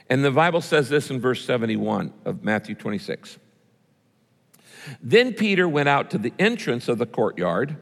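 In a reverberant church hall, a male pastor with a medium-pitched, slightly bright voice delivers a sermon. His style is conversational, and he asks the congregation questions.

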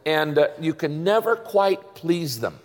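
A male pastor delivers a sermon with a fairly high voice and a lively, swinging pitch. He leans on catchy rhymes and questions thrown out to the congregation. The sound carries a long reverb from a large church hall. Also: unhurried.

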